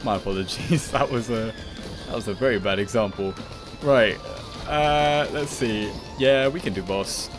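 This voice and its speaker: Speaking at a measured pace with a fairly low pitch, this gaming video creator narrates his own play with jokey drama and meandering, playful remarks. The recording has his voice over loud game music.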